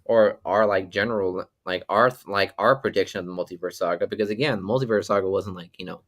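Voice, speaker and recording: A man with a fairly low voice chatting on a casual movie podcast. He talks loosely, restarting sentences and dropping casual swears. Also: fast, fairly bright tone. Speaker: podcast co-host.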